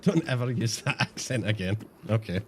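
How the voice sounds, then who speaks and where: A man's voice: lowish voice, lively intonation, normal speed, a little hiss or hum. A man streaming a game, chatting casually and self-mockingly to viewers, swearing often. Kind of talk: casual live-stream chat.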